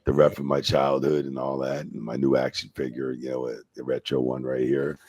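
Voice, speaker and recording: A man guesting on a wrestling podcast, telling animated stories and swearing freely in casual chat. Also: a bass voice, fairly quick, crowd noise.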